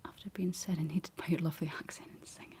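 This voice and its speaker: A young Scottish woman whispering soft ASMR chat, rambling gently to her viewers while she paints, close on the mic. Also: sits low, steady tone, quick pace. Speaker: ASMR livestream host.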